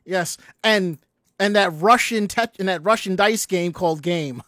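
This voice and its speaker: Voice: mid-range voice, a little slow, a bit bright, no room sound. Podcast host; loose, rambling chat, dry close-mic read. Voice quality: rambling, many restarts. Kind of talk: casual chat.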